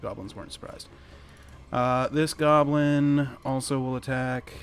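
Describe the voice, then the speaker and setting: A man's voice: mid-range voice, unhurried, clean tone. A man narrating a tabletop game as game master, chuckling and rambling, often correcting himself mid-sentence. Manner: laughing, rambling, self-correcting.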